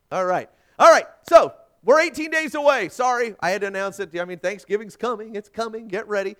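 The man's voice is high and a little fast, with few pauses, as he preaches as a pastor. Animated anecdotes fill the sermon, and he acts out the voices within them.

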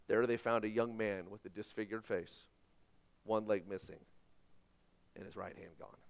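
A man preaching a sermon, telling a story dramatically and swinging between loud and hushed. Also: on the low side.

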